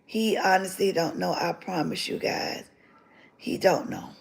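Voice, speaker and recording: Gravelly woman giving a fervent testimony. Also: fairly low pitch, lively intonation, measured pace, rough recording. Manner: fervent, repeats phrases for emphasis. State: tearful at times. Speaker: livestream host sharing her testimony. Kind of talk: emotional spoken testimony on a livestream.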